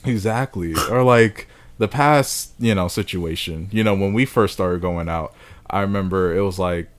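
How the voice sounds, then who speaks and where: A man's voice: deep voice, moderate pace, no room sound. A man co-hosting a podcast in casual chat, who laughs often and acts out the people he quotes. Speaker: podcast co-host.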